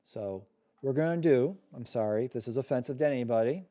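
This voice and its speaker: A man hosting a live discussion, talking in a thoughtful, rambling way that trails off quietly. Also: medium pitch, fairly quick. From Massachusetts, USA. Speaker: host.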